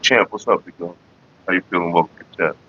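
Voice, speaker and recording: A middle-aged man hosting a casual livestream, talking in a rambling, profane way with animated retellings. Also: low-pitched, fast, lo-fi sound, heavy background noise. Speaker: livestream host.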